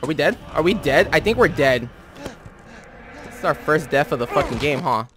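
A young man hosting a horror-game let's play in casual, profane commentary, jumpy and yelling when scared. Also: fairly high pitch, animated, moderate pace, noisy background. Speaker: gamer, let's-play host.

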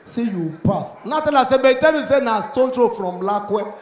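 A man with a Nigerian accent performing stand-up, acting out both sides of a story in Pidgin and rising to shouts at the punchlines. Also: extremely high pitch, animated, moderate pace. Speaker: stand-up comedian. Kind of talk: stand-up comedy routine. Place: comedy club stage with a live audience. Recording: echoey live venue, faint crowd noise.

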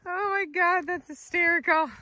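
A woman's voice: extremely high pitch, steady tone, normal speed, sharp tone, no echo. A woman, filming a casual vlog outdoors as she plays with her dogs, laughing and calling commands to them.

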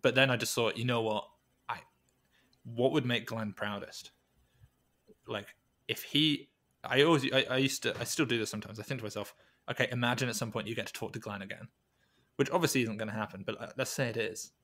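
A man speaking as a guest on an interview podcast, thoughtful and halting, with many restarts and fillers. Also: medium pitch, fairly bright tone. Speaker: podcast guest, weightlifting coach. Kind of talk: reflective conversational interview.

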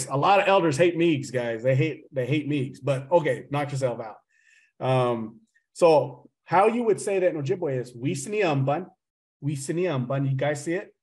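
A man with a medium-pitched, slightly mellow voice runs a language lesson on a video call. He jokes around, teases the class, addresses them as "guys" and uses humor to explain grammar.

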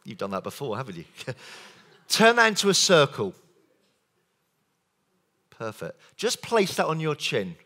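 A man delivers a sales-training keynote at a conference, his voice pitched a little high and swinging widely as he talks. He keeps the crowd involved with show-of-hands questions and quick asides. The tone is energetic and conversational. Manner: animated, engages audience with show-of-hands questions and jokes. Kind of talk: lively conference keynote talk. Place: conference hall.

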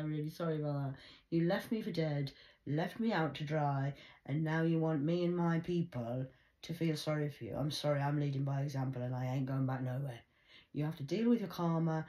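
A woman giving a rambling, scolding spiritual card reading, with theatrical swings of voice. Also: warm tone. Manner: scolding, theatrical, sudden pitch jumps.

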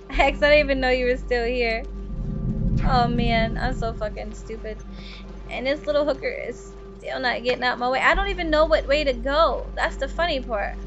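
A woman streamer giving casual, profane gameplay commentary, chatting with viewers and breaking into laughs and loud outbursts. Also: sits high, normal speed. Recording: dull lo-fi stream audio with faint music.

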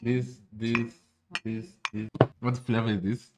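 A man's voice: medium pitch, level tone, takes it slowly, very noisy. A young man from Kenya, streaming a casual snack tasting, laid-back and slangy, laughing often.

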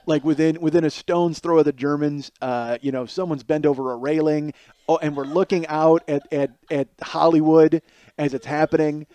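Animated man in his forties telling a story. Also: fairly high pitch, normal speed, no room sound. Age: 40s. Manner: rambling, animated, with frequent restarts and acted-out quotes. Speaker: podcast host. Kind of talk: comedic storytelling monologue. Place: home kitchen.

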